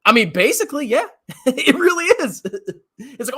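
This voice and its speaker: A man's voice: high voice, wildly swooping pitch, fast talker, a bit bright, husky. A man ranting as a finance commentator on a livestream, mocking and laughing often while answering chat questions.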